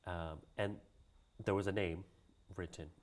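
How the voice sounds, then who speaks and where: A guest from Hawaii, a cultural practitioner, tells a story in a casual interview, laughing often and imitating the voices of people he quotes. His voice is deep and darkish, steady in tone and a little slow.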